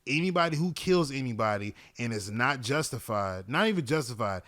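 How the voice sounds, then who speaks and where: A man's voice: mid-range voice, animated, fairly quick, fairly bright tone, dry recording. A man hosting a podcast in a casual monologue, rambling, swearing freely and often asking "you know what I'm saying". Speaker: podcast host.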